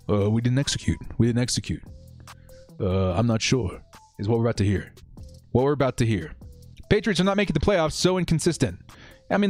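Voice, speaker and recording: A young man hosting a casual live stream, reading viewer comments aloud and laughing often. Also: fairly high pitch.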